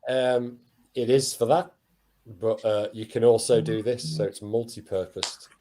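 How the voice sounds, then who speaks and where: A man's voice: medium pitch, steady tone, a little slow, warm tone, slight background noise. A man, a co-host in casual chat, who banters sarcastically and swears freely. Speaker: podcast co-host.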